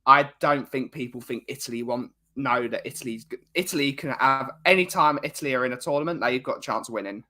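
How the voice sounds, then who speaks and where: A man's voice: medium pitch, quick pace, hardly any pauses, sharp tone. A man from England co-hosting a casual football chat, blunt and teasing in his banter. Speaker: co-host.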